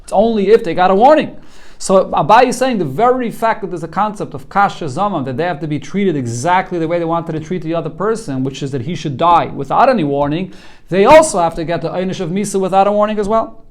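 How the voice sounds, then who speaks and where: A man's voice: sits high, fast. A man, a rabbi, teaching a Talmud class, walking students through the text line by line in an earnest way, often repeating a word as he starts a thought.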